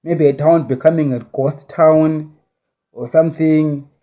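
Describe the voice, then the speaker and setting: A man's voice: a little high, fairly even intonation, measured pace, dark tone, highs cut off. A man recounting a vision in a casual spoken monologue, rambling and hedging as he talks. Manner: rambling, with many restarts and hedges.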